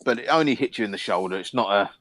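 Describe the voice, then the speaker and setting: A man narrating a tabletop game as game master, relaxed and rambling with many fillers. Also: lowish voice, rapid-fire, no echo.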